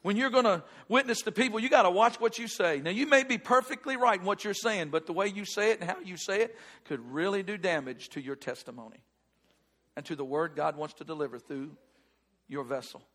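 High-voiced preaching pastor, animated. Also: male voice, a little fast. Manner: animated storytelling, shifting between loud and hushed. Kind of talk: sermon with personal story.

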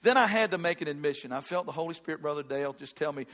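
A middle-aged man preaching from the pulpit, his voice sitting notably high for a man. He tells his story with lively swings from loud emphasis down to near-hushed lines. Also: rapid-fire, a little hiss or hum. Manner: animated storytelling, shifting between loud and hushed. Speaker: pastor. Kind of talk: sermon with personal story.

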